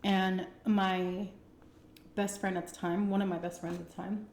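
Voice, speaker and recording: A young woman vlogger casually telling a personal story while eating, animated and swearing freely. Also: medium pitch, unhurried, roomy sound, a little hiss or hum. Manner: animated, conversational, acts out quotes, swears freely.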